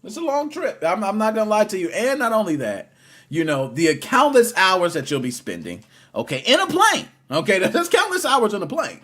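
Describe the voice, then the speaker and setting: A man hosts a casual gaming podcast with a slightly high voice and a very lively, leaping pitch. He teases his guest playfully and swings from loud bursts to quiet asides. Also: moderate pace, slightly rough. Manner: teasing, animated, swings between loud and quiet. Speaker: podcast host.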